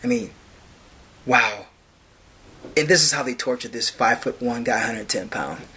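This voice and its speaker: A man's voice: mid-range voice, very animated, moderate pace, sharp tone, slightly rough. A man ranting to camera in a mocking way, stammering and repeating himself. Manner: stammering, rambling repetitions. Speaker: video host.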